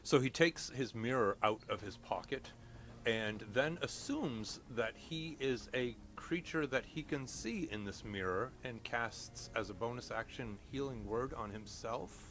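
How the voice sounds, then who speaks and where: A man playing a tabletop game, describing his moves in an animated way and swearing as he goes. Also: mid-range voice, measured pace, a little hiss or hum. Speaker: player.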